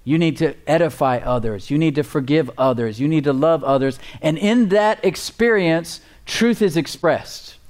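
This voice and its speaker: A man's voice: a little high, moderate pace, few pauses, a little mellow. A man preaching a sermon as pastor, emphatic, with call-and-response asides and repeated words for emphasis.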